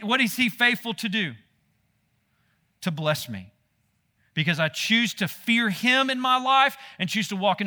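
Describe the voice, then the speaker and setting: A man preaching a sermon, animated and talking straight to his listeners. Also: high-pitched. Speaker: pastor.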